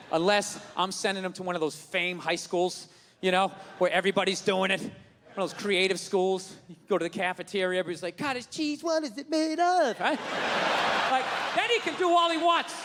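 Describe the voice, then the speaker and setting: A man doing stand-up comedy, ranting loudly with profanity and shouted punchlines, on a stage before a live audience. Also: sits high, fairly quick, in a large hall. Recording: live club with crowd laughter and noise.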